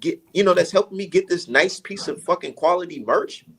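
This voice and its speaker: Indignant man, husky and gravelly, with a high voice. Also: a little fast, a bit bright. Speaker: business owner. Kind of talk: casual talk show discussion.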